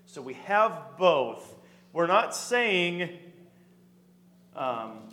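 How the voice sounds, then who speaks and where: A man's voice: a little high, fairly bright tone. A man teaching a Bible study class, reading scripture aloud and putting questions to the group. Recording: echoey hall.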